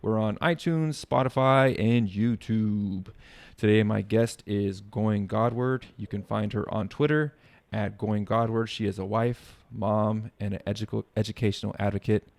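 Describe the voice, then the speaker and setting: A man's voice: on the low side, fairly even intonation, normal speed, vocal fry, a little mellow, no room sound. A male podcast host whose first language is Spanish, chatting casually, stammering and repeating words as he goes. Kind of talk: casual interview chat.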